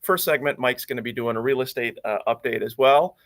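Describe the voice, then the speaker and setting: A man hosting a live radio talk show from a studio, upbeat and often filling pauses with "uh". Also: medium pitch, fairly bright tone. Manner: upbeat, with frequent filler "uh"s.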